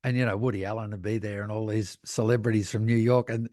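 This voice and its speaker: An older Australian man telling animated anecdotes in a casual interview, laughing often. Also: lowish voice, fast talker, no echo, studio quality. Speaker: guest, cinematographer.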